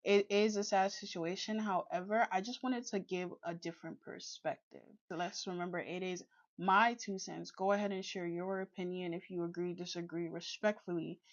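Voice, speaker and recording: A woman vlogger giving casual commentary and advice in a calm, measured way. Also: lowish voice. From Canada. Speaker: reaction vlogger. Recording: dull lo-fi audio.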